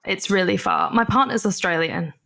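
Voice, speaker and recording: A woman in her early thirties with a gravelly edge to her voice. She speaks as a guest in a relaxed podcast interview. Her storytelling is chatty and comes in quick bursts. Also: medium pitch. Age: 30s. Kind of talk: casual interview chat.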